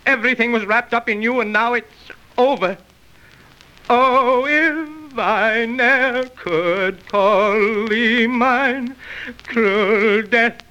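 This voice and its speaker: A man playing a high-strung young stage actor. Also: pushed and bright, exaggerated voice, rough recording. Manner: nervous and distraught. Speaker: young actor in a theatre troupe. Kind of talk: old-time radio drama acting.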